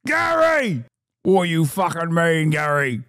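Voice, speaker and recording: A man voicing an angry middle-aged British man who shouts and swears as he rants. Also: a little high, huge pitch swings, slow, gravelly, no echo, clean studio sound, pitched below the performer's own voice, heavily acted. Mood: ranting. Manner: shouting, swearing, repeating a name.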